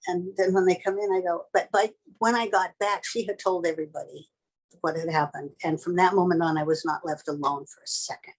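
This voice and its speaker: A woman's voice: lowish voice, steady tone, fairly quick, low-quality recording. An older woman, a tattoo artist, telling a vivid story in a blunt, casual and sometimes profane way.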